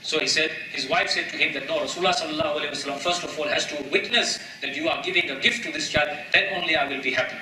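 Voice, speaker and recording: Fast-talking man giving a mosque talk, bright sharp voice, echoey hall, mic a bit far off. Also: fairly high pitch, a little hiss or hum. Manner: emphatic, rhetorical questions, repeats phrases, mixes in Arabic and Urdu terms. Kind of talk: sermon.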